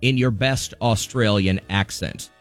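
A man hosting a radio show, chatting and reading contest promos in a quick, upbeat way. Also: fairly low pitch, dry recording, soft background music. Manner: quick, promo-style delivery. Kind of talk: upbeat morning radio banter.

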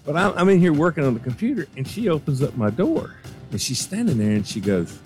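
Radio host, a man with a drawl, lively pitch, acts out every quote. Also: fast, soft background music. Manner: animated, acts out quoted voices. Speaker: radio morning show host. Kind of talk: casual on-air storytelling.

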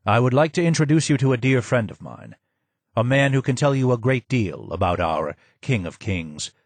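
A man's voice: medium pitch, big pitch swings, moderate pace, no room sound. A man voicing a courteous male guide who speaks in a polite, formal and earnest way.

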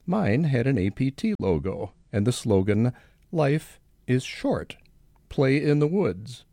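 A man tells wry little stories for a local radio segment. His delivery is animated and full of swooping intonation. The voice sits close and dry, with no room sound around it. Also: medium pitch, a little slow, no room sound. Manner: wry storytelling with lively intonation. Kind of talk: scripted radio commentary.

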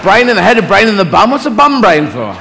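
A man's voice: sits high, very animated, quick pace, vocal fry, pitched above the performer's own voice, full character voice. A man as a petulant young Jesus, raised voice, background noise. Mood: curious. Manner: whining complaints. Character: whiny young adult male Jesus, petulant son. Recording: live stage recording in a hall with room noise.

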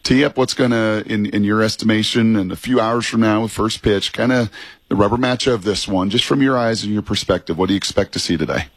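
Husky, emphatic male radio co-host. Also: fairly low pitch, brisk, no room sound. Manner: emphatic, builds lists and repeats for effect. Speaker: radio co-host, former ballplayer. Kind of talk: sports radio talk.

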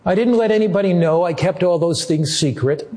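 A man voicing a despairing, guilt-ridden young woman caller, speaking quietly and haltingly. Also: on the low side, lightly acted.

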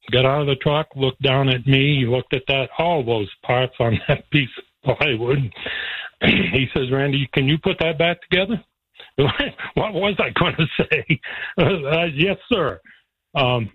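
A man's voice: medium pitch, dry recording. A man telling a folksy story with frequent chuckles, emotional as he speaks. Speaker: guest. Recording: tinny phone line.

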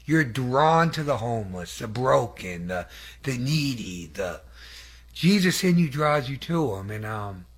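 A man's voice: mid-range voice, sing-song, a little slow, slightly rough. A man giving an earnest, conversational testimony sermon, rambling with fillers and restarts and asking the audience to affirm him. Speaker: lay preacher giving testimony.

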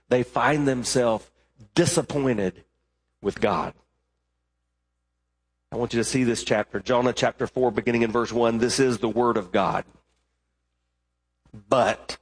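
A man's voice: medium pitch, in a large hall. A male pastor preaching a sermon in a church, emphatic and full of rhetorical questions, sometimes repeating words as he builds up. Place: church sanctuary.

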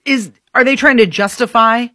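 A woman co-hosting a radio show, asking brisk questions in an interview. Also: on the high side, bright, forceful tone, no room sound, clean studio sound.

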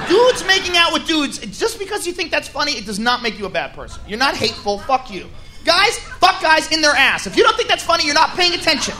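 Man, stand-up comedian, blunt profane delivery, high voice, live stage recording with crowd noise. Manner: blunt, profane, builds to shouting. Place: live comedy venue with laughing audience.

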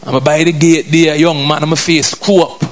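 Brief: male preacher, slightly high voice, emphatic and repetitive, keeps asking the congregation "Hello?". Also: fairly even intonation, moderate pace. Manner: emphatic, repeats phrases, asks the congregation "Hello?"; drifts in and out of a colloquial vernacular. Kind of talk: sermon.

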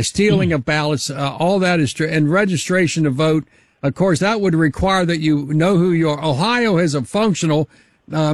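Brief: talk radio host, man with a higher voice, rambling fillers, dry studio mic. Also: no room sound. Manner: rambling, halting setup questions with many fillers. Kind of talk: political talk radio interview.

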